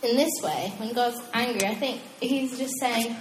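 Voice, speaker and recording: A young woman preaching a casual, animated sermon, chatty and quick to laugh at her own asides. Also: fairly high pitch, a little hiss or hum. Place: church hall. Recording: echoey hall with long reverb.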